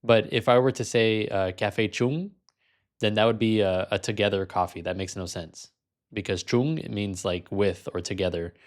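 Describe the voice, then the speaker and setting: Male vlog host, slightly low voice, frank casual delivery. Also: fairly even intonation, normal speed. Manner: casual, frank, sometimes amused. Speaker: language learner and video host.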